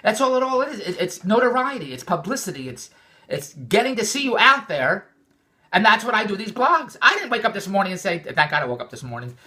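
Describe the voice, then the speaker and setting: An older man from Philadelphia talks fast in a bright, sharp voice, wandering from point to point. His pitch swings widely as he repeats himself in exasperation. It is a loose, unscripted vlog monologue. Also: big pitch swings. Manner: rambling, repetitive, exasperated. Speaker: vlogger. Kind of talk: rambling personal vlog monologue.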